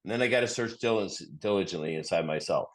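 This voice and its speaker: A man's voice: sits low, fast talker. A middle-aged man sharing earnestly in a recovery study group, often repeating himself and restarting sentences as he tells a story.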